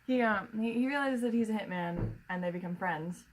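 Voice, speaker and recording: A woman co-hosting a podcast, chatting casually with blunt, quick reactions. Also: mid-range voice, slight background noise, low-quality recording. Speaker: podcast co-host. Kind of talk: casual chat.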